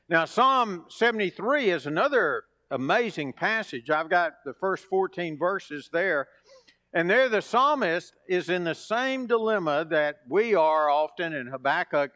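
A man's voice: sits high, animated, a little slow, bright, forceful tone. A man preaching a sermon, quoting scripture and building emphasis on his points.

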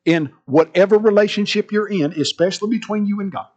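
A man preaching a sermon, telling an illustrative story and reading scripture, animated and dropping to hushed tones. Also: sits high, a little fast, lo-fi sound.

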